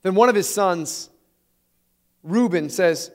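Animated pastor retelling a story. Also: male voice, high-pitched, takes it slowly, long pauses. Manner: animated, chuckling, conversational. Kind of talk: sermon storytelling.

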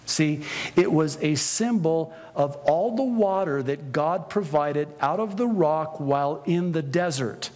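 A man preaching a sermon as pastor, slow and deliberate, at times building to impassioned shouting. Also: fairly high pitch, big-room sound.

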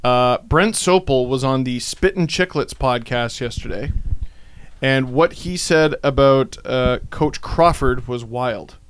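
A man's voice: medium pitch, slight background noise. A man co-hosting a podcast, chatting casually and cracking jokes. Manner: joking, laughs while reading, quick asides. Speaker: podcast co-host. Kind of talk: casual chat, reading out a quoted story.

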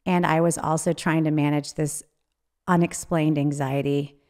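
A woman's voice: low voice, steady tone, a little mellow. A woman being interviewed as an author, talking candidly and emotionally, often restarting her sentences. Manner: emotional, halting, with frequent restarts. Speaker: guest, author.

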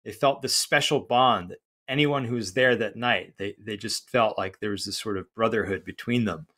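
A man co-hosting a podcast, explaining a play in a thoughtful, measured way with some restarts. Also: lowish voice, bright, forceful tone. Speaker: podcast co-host. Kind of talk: casual conversation about literature.

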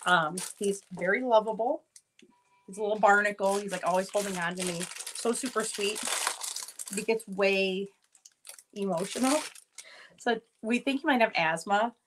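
A woman in her thirties hosts a casual live sale, her voice sitting in a middle pitch. She rambles through stories with plenty of fillers and restarts. When quoting her children she jumps her voice up higher. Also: moderate pace, pauses often, background noise. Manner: rambling storytelling with many fillers; acts out her kids' lines in a higher voice. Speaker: live sale host selling jewelry. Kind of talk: casual chatty live selling.

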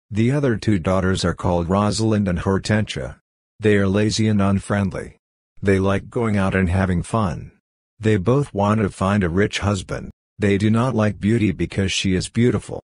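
A man narrating a simple audiobook story for learners in a clear, even, careful way. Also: low-pitched, dry recording, clean studio sound.

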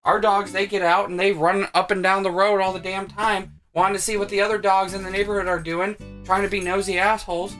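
A man's voice: high-pitched, flat delivery, a little fast, hardly any pauses, a bit bright. A man hosting a reaction video with sarcastic, crude, joking commentary. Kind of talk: casual commentary. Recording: faint music underneath.

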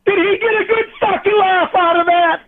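Shrill, crying man ranting down a phone line. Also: steady tone, moderate pace, dry recording. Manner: jealous, swearing nonstop, accusing. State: crying, voice cracking. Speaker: angry caller. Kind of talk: phone rant.

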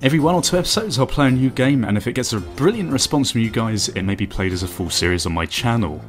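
A man hosting a let's play video, chatty and self-mocking with quick asides. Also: mid-range voice, expressive, soft background music. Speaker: gaming channel host.

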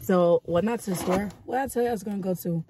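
Speaking fast in a mellow, mid-range voice, a young woman chats to the camera from inside her home. She's sick and her voice is going, but she keeps laughing and talking straight to her viewers, with slight background noise behind her.

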